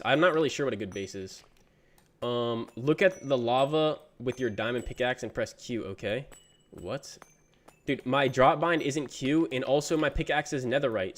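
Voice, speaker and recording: Laid-back young man streaming games. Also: mid-range voice. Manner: laid-back, reads chat messages aloud and answers them; slangy, says "bro" often. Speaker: gaming streamer. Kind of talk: casual livestream chat.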